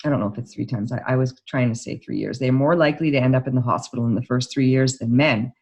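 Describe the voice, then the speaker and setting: Woman therapist, casual to-camera talk; husky voice, eager, filler-heavy delivery. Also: very deep voice, quick pace. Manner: chatty and excitable, many "like" fillers. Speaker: grief therapist.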